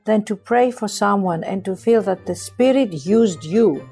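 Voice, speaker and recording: A middle-aged Greek woman with a Greek accent tells stories passionately and expressively as an interview guest. Her medium-pitched voice is slightly rough and a little slow, with soft music in the background.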